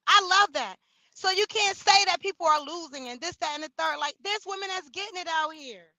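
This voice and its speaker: A woman's voice: extremely high pitch, fairly quick, dry recording, poor audio. A woman hosting her own livestream, talking loosely and expressively with slangy asides to her viewers. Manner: loud, expressive, slangy, talks straight to viewers. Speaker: livestream host. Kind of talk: casual livestream chat reading comments.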